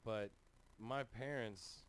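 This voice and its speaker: A man from Louisiana hosts a podcast in crude, casual banter. He swears freely and tells stories with a joking edge, his voice sitting on the low side. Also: slow pace, slight background noise. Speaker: podcast host.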